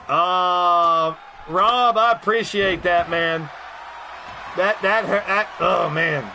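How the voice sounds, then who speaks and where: A man calling play-by-play on a wrestling video game for a live stream, rowdy and profane and often breaking into shouts while greeting his chat. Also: high voice, very slow, pauses often, slight background noise.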